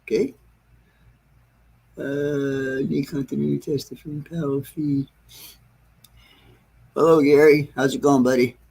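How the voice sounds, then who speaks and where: A man's voice: medium pitch, little pitch movement, takes it slowly, pauses often, darkish tone. Rambling, frustrated man on a livestream. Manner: rambling, self-correcting, frequent throat clearing. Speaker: model railroad livestream host. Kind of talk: casual livestream chat to viewers. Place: train layout room at home.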